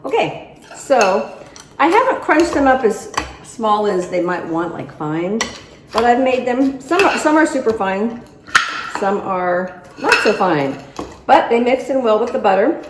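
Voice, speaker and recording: A woman's voice: on the high side, big pitch swings, a little slow, background noise. Woman, home cooking vlogger, chatty and easygoing, phone-filmed in a roomy kitchen with faint utensil clatter. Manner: chatty, talks to viewers while stirring. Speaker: cooking channel host. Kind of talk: casual cooking vlog. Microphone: handheld phone camera. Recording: echoey kitchen, clattering dishes. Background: utensil and dish clatter.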